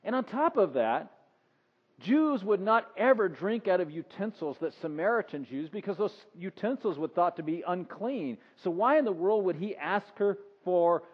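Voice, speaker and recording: Fairly high-voiced male preacher. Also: expressive, normal speed, slightly rough. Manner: conversational, acts out the scene in voices. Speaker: pastor. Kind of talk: sermon. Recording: dull sound with long reverb.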